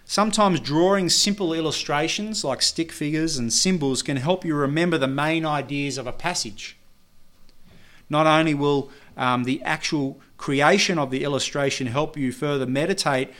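A man preaching a sermon, talking in a measured, earnest way and often pausing on fillers and restarts. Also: fairly high pitch, a bit bright. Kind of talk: sermon teaching.

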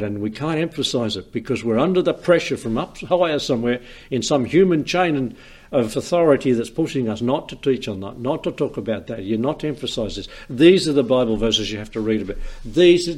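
A man's voice: mid-range voice, a little mellow. A man giving an informal sermon, talking through the sections of a Bible in a conversational way, often repeating words and restarting. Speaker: preacher.

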